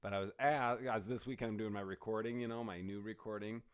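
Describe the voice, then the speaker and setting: Animated storytelling man. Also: lowish voice, quick pace, smooth. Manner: animated storyteller, acts out quotes. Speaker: podcast co-host, comedian. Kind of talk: casual chat.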